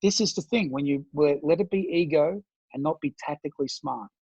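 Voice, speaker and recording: A man with an Australian accent, a former soldier, telling stories in a casual interview and jumping into higher mock-friendly voices when he quotes people. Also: fairly quick, gravelly, husky, no room sound. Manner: animated storyteller, slips into high mock-friendly voices when quoting.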